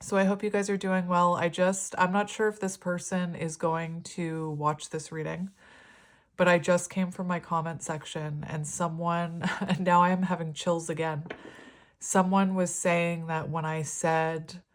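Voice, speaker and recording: A woman giving a casual, rambling tarot reading, chatting warmly and laughing often. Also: on the low side, level tone, measured pace. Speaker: tarot reader.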